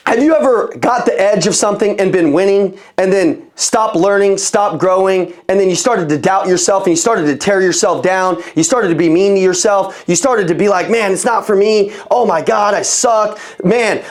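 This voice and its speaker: A man coaching a sales team over a video call, talking bluntly and with profanity in a fired-up motivational style. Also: sits high. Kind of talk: motivational sales training talk.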